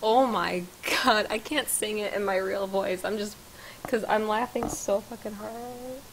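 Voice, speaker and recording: A woman's voice: mid-range voice, fairly even intonation, measured pace, slight background noise. A woman streaming a game live, chatting casually, laughing hard and piling on praise. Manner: giggly, bursts into laughter; effusive, repeats praise.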